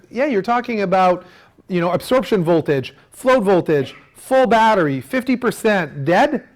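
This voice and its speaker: A middle-aged man giving an animated seminar on marine electrics, using food analogies and acting out what customers say. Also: a little high. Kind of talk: lively technical seminar talk.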